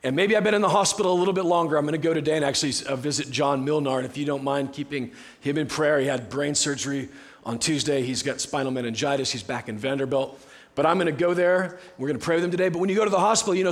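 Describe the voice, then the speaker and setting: A man preaching a sermon as pastor in a conversational way, often dropping to a soft, hushed tone. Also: a little high, very fast. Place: church sanctuary.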